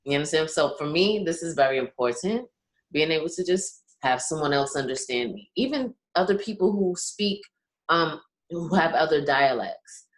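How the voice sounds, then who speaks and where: A woman's voice: deep voice, lively intonation, moderate pace. A young Caribbean-born woman co-hosting a casual podcast, making her point earnestly and often checking that she is understood. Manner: earnest, keeps asking "you understand what I'm saying?". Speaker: podcast co-host.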